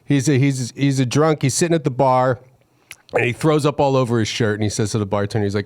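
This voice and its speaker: A man's voice: medium pitch, fast talker, a little mellow, dry recording, clean studio sound. A man hosting a podcast, retelling a joke in casual chat and feeling his way through it with fillers and restarts. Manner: hesitant, many fillers and restarts while he finds the story. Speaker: podcast host.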